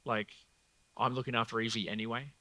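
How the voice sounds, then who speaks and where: A man with an Australian accent speaks live before a theatre audience, rambling casually with "like" and "um" as he passes on messages. His tone is bright and forward, set at an ordinary male pitch. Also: fairly even intonation, fairly quick, no echo. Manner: chatty, filler-heavy, swears casually. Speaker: psychic medium host. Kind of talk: live stage show, relaying messages.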